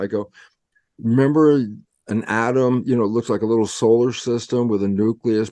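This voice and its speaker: A man's voice: darkish tone, dry recording, studio quality. A man explaining cell biology to a lay audience, acting out both sides of imagined conversations with emphatic rhetorical questions. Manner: emphatic, rhetorical questions, sudden pitch jumps. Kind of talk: animated explanatory storytelling.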